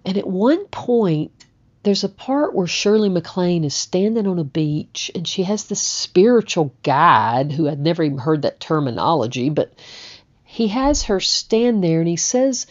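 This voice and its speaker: A woman's voice: on the low side, lively intonation, measured pace, lo-fi sound. A middle-aged woman, telling a personal story in a chatty, conversational way. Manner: chatty, conversational, with frequent "you know" and "like".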